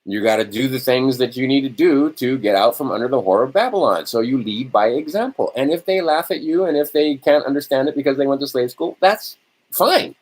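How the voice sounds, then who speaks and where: A man's voice: mid-range voice, lively intonation, a little fast, low-quality recording. A middle-aged man hosting a show, giving a profane spiritual rant, swearing often and checking in with a rhetorical "right?" after each point. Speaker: host.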